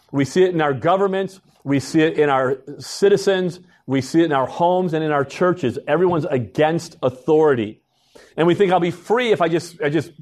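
Male pastor, middle-aged, slightly high voice, chatty sermon delivery that slips into quoted voices. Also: darkish tone. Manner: conversational preaching, acting out quotes of parents and kids.

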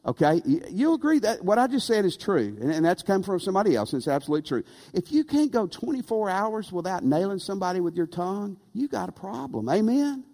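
A pastor preaching with lively, swooping intonation, pitched a touch high for a man. He throws rhetorical questions and "amen?" at the congregation. A long reverb from the church hall trails every phrase. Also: fast, few pauses. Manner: animated, rhetorical, calls for amen. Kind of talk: sermon.

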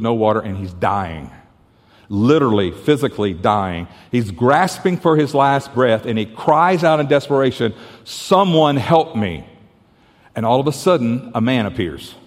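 A man preaching a sermon, earnest and repetitive, dropping to softer tones as he tells a parable. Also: mid-range voice, lively intonation, brisk. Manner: earnest, repeats and restarts, drops to soft tones for the story. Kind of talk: sermon with storytelling. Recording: reverberant church hall.

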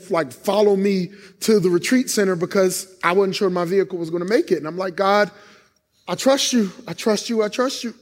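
A high-voiced male pastor preaches a sermon in church, telling emotional stories from his own life and acting out God's replies. His voice rings through the hall with a long, lingering reverb.

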